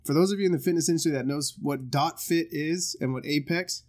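A man's voice: on the high side, a little fast, darkish tone. A man hosting a casual reaction video, talking loosely and profanely and laughing often.

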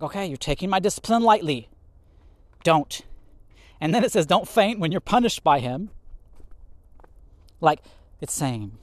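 Male podcast Bible teacher, fairly high voice, dry close sound, lively and chuckling, acts out quotes. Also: no echo. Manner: animated, laughs often, acts out quotes. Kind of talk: casual podcast sermon.

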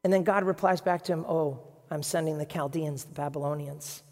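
A pastor preaching a sermon in a dramatic, conversational storytelling way, dropping to a hush and rising again. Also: medium pitch, fairly even intonation, a little fast. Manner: dramatic, acts out voices in quotes, swings from hushed to loud. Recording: long reverb of a large hall.

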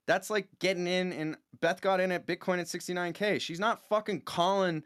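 A man's voice: high-pitched, fairly even intonation, moderate pace, fairly bright tone, clear, resonant tone, dry recording, clean studio sound. A man, a podcast guest, ranting bluntly and swearing freely in casual chat. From Boston area, USA.

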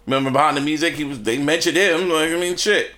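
A young man co-hosting a casual podcast chat, profane and quick to laugh. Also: a little high. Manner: laughs often, animated and profane. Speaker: podcast co-host.

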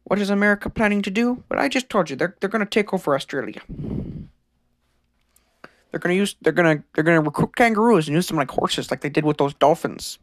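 A man's voice: high voice, a bit bright, no echo. A man hosting a comedic conspiracy podcast, rambling and stammering in a mock-serious way. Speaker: podcast host.

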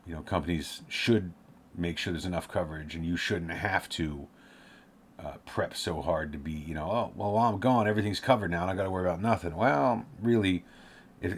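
A man's voice: deep voice, a little hiss or hum. A man giving casual career advice, rambling and correcting himself, sometimes laughing at his own tangents.

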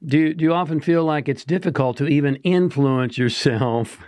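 A man's voice: a little high, normal speed, a little mellow, no echo. A man co-hosting a motivational talk show, speaking earnestly and asking the listener rhetorical questions. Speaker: podcast co-host.

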